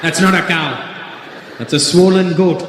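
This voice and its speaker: A man's voice: high-pitched, measured pace, noisy background. A Canadian male stand-up comedian tells wry observational stories. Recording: echoey live hall recording. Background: audience laughter.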